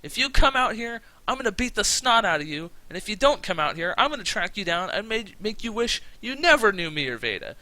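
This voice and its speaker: A man voicing an angry heroic male wrestler who makes fired-up, shouted threats. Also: sits high, very animated, fairly quick, hardly any pauses, no room sound, pitched above the performer's own voice, exaggerated voice, rough recording. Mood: furious.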